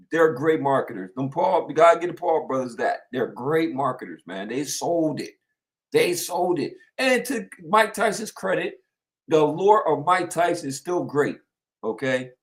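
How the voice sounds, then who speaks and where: A man co-hosting a casual sports talk show, animated and rambling, repeating himself as he tells stories. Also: a little high. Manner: animated storyteller, repeats himself, lots of fillers.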